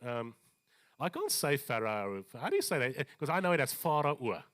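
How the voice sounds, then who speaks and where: A man preaching a sermon in a church, animated, with joking asides and slower scripture readings. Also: fairly high pitch. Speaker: pastor.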